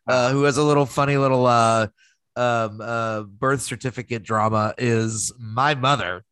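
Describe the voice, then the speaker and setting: A man's voice: mid-range voice, steady tone, measured pace, a bit bright, clear, resonant tone, no room sound. A man co-hosting a podcast, telling stories in a giggly casual way with lots of laughing. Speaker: podcast co-host. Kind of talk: casual chat.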